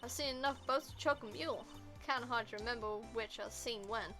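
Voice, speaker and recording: A woman's voice: a little high, a little fast, over music, close to an everyday voice. A woman reading a brash, folksy female photographer in a put-on American Southern drawl. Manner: folksy, loud, boastful.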